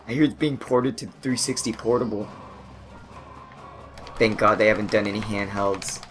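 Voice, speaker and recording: A man's voice: fairly low pitch, moderate pace, faint music behind. A man co-hosting a gameplay video, telling rambling stories, laughing and mimicking other people. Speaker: gaming channel co-host. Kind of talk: casual gameplay commentary.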